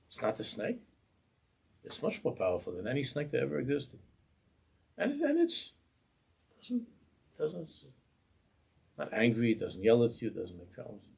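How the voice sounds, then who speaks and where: Impassioned gravelly rabbi teaching a class. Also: male voice, fairly low pitch. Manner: impassioned, emphatic, pleading rhetorical questions. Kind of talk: Torah class lecture. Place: synagogue.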